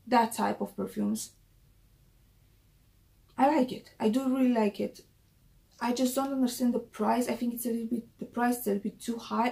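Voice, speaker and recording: A woman with a slightly high, gravelly voice, chatting casually to camera in a perfume review vlog. Her tone is mellow and dark, and she often repeats her main points for emphasis.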